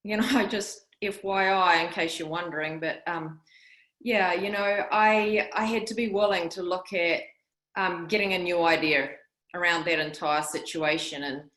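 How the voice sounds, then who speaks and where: New zealand woman sharing at a meeting, chatty and self-mocking, sharp bright voice, echoey room on a call. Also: on the low side, fairly even intonation, normal speed. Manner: chatty, wry self-deprecating humor. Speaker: recovery meeting member sharing. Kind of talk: personal share at a meeting.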